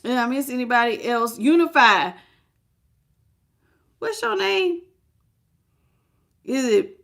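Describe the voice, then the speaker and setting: A woman's voice: sits high, sing-song, takes it slowly, creaky, long pauses, a bit bright. Chatty woman giving a tarot reading. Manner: casual, chatty, talks straight to the viewer. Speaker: tarot reader. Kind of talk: live tarot reading with chat greetings.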